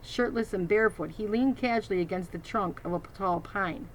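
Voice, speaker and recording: A woman's voice: medium pitch, normal speed, a little hiss or hum, poor audio. A woman reading a children's novel aloud, adding teacherly asides to her listeners. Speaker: reader.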